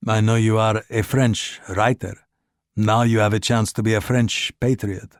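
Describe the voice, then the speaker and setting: A man voicing an obsequious, educated male agent who talks smoothly and persuasively, pressing with questions. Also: lowish voice, steady tone, measured pace, no room sound, clean studio sound.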